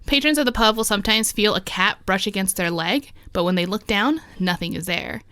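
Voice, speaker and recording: A woman's voice: mid-range voice, lively intonation, a little fast, a bit bright, clean tone, no echo, clean studio sound. A woman hosting a podcast, chatting casually and laughing often as she tells ghost stories. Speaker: podcast host.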